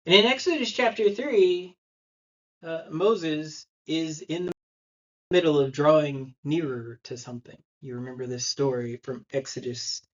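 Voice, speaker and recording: A man's voice: on the high side, measured pace, muffled recording. A man in his thirties preaching a sermon in church, telling stories in a conversational way. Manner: storytelling, conversational, acts out quotes. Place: church sanctuary.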